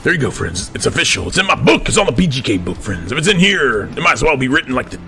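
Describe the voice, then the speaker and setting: A man's voice: medium pitch, big pitch swings, fast talker, vocal fry, music in the background. A man, ranting to camera from his office in the persona of a command sergeant major, preachy and stammering when worked up. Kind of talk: impassioned rant to camera.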